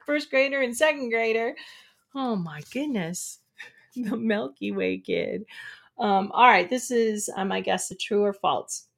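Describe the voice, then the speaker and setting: A woman hosting a relaxed live trivia stream, talking at an unhurried, slow pace. She is chatty and giggles often as she reads each question aloud to her viewers. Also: fairly high pitch, gravelly.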